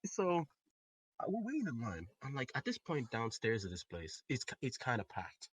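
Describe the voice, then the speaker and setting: Husky young man, lively storyteller. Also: medium pitch, normal speed. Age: young adult. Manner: animated, swearing, rising to loud outbursts. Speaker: podcast co-host. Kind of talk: casual storytelling chat.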